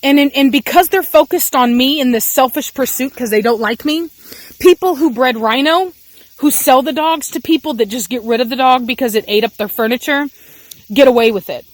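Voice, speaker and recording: Her high voice comes through with no echo at an ordinary pace as this young dog breeder with a Texan accent vents in an emotional vlog. She's furious and impassioned, circling back to the same points again and again.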